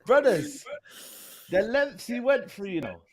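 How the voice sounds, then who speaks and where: A young man with a London accent, a podcast co-host trading joking football banter, animated and often trailing off into low mutters. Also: a little slow.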